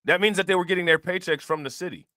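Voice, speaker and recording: This man talks casually over news clips with a bright, forceful tone, close to a dry mic. He keeps putting questions straight to his audience. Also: high voice, steady tone, fast talker, no echo. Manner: fires rhetorical questions at viewers. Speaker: reaction channel host. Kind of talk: casual commentary.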